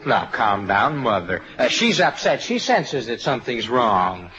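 Homespun, dutiful son. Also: male voice, mid-range voice, very animated, measured pace, sharp tone. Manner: folksy, rustic drawl ("feller"). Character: homespun, dutiful young son fussing over his mother. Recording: dull noisy lo-fi sitcom audio.

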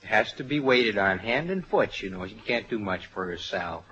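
An actor playing a homespun, dutiful son with a folksy rustic drawl. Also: male voice, fairly low pitch, lively intonation, moderate pace, a crowd in the background, close to an everyday voice. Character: homespun, dutiful young son fussing over his mother. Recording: dull noisy lo-fi sitcom audio.

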